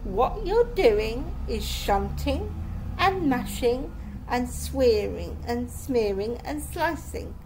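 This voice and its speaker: A bossy, outspoken schoolgirl talks in a high, lively voice, as a woman puts her on. She scolds plainly and forthrightly, like a character in a storybook read at home. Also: slow pace, noisy background. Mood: scolding.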